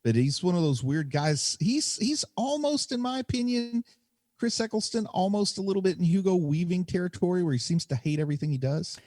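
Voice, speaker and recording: A man's voice: high-pitched, animated, fairly quick, darkish tone, no room sound, studio quality. Chatty man sharing movie trivia. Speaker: podcast co-host. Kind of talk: casual movie podcast chat.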